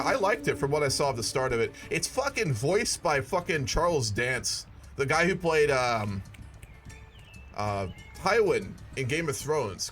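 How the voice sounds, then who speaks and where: Casting note: man, mid-pitched voice, loose cursing let's-play commentary with a wry edge. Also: a bit bright. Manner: profane, wry asides. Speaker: gaming video creator. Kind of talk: casual gameplay commentary.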